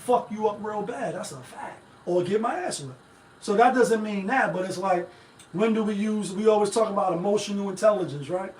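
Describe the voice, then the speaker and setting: High-voiced man ranting in an echoey room. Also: brisk, darkish tone, a little hiss or hum. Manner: rambling, profane, talks straight to viewers. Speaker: live-stream show host. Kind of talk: casual commentary. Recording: echoey room, mic at a distance.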